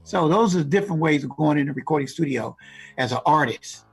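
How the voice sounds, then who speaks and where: A man co-hosting a casual radio show, giving animated advice to recording artists. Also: on the high side, a little fast, vocal fry, husky, soft background music. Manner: animated, acts out rap lines and ad-libs. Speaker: co-host giving music industry advice.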